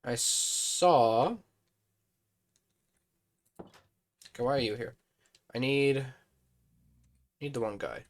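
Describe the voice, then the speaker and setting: A man with a hoarse, fading voice, chatting casually on a live stream as he plays a building game and thinks aloud. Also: mid-range voice, extremely slow, pauses often.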